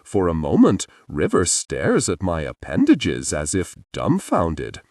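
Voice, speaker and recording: A man narrating a romance audiobook in the first person, expressive and deliberate. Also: low voice, no room sound, studio quality.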